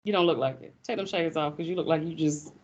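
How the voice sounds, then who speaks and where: Lady teaching math to a class, folksy and teasing, lively and upbeat. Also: deep voice, fast, highs cut off. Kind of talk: classroom lecture.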